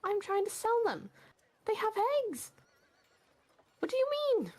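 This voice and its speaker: A woman voicing a shrill chicken-seller. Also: huge pitch swings, measured pace, a little mellow, full character voice. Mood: indignant. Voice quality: shrill, scolding. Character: shrill, fussy woman guarding her chickens.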